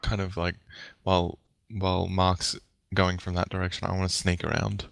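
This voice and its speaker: A man speaks his character's actions in a very deep, gravelly voice with little rise and fall. He restarts and repeats words as he decides what to do. The sound is close and dry. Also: flat delivery, normal speed, fairly bright tone. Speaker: player. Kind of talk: casual tabletop play.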